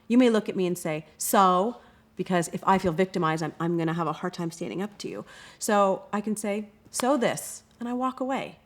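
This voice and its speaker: A woman who runs anti-bullying workshops, answering interview questions in an expressive way and often acting out quoted voices. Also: lowish voice, quick pace. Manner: expressive, acts out quoted kids and parents.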